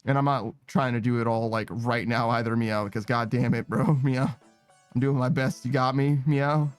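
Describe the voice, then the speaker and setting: A young man streaming a game, chatting casually and rambling, ending nearly every phrase with a quick "meow" and swearing now and then. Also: medium pitch, fairly even intonation, clear, resonant tone, soft background music. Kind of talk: casual gaming stream chat.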